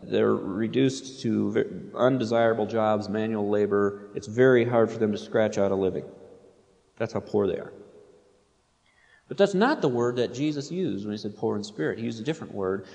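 A man's voice: medium pitch, animated, moderate pace, creaky, a little mellow. A man preaching a sermon, reading quotations aloud with rising intensity and otherwise explaining in a plain, conversational way. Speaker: pastor. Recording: long hall reverb.

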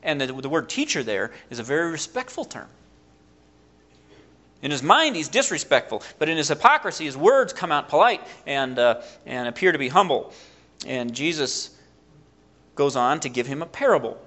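A man preaching a sermon, retelling a story in an animated way and acting out the quotes. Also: on the high side, normal speed.

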